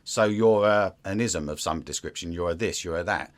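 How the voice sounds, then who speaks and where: A man in a casual interview chat, talking in a sarcastic, animated way and slipping into mocking voices. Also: deep voice, moderate pace.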